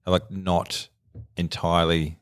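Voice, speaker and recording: Deep-voiced laid-back Australian man. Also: flat delivery, slow pace, clear, resonant tone, dry recording, studio quality. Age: around 40. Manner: laid-back, laughs through his anecdotes. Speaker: podcast co-host. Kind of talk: casual chat, storytelling.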